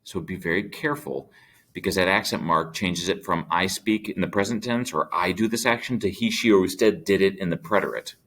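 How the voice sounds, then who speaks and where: Male teacher, low voice, patient recorded grammar lesson for students. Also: fairly quick, fairly bright tone, a little hiss or hum. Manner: patient, explains step by step to students. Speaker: Spanish teacher.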